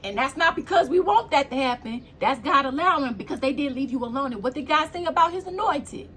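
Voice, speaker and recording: A woman with a high, bright, pushed voice gives a casual spiritual tarot reading, talking fairly quickly with lively intonation. She's blunt and preachy and swears freely. A faint hiss sits beneath the recording.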